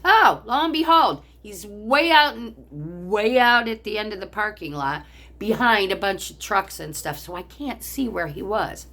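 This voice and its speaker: A woman's voice: mid-range voice, lively intonation, a little slow, bright, forceful tone. An older woman vlogger telling a story angrily, in a heated, profane rant. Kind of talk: angry personal storytelling.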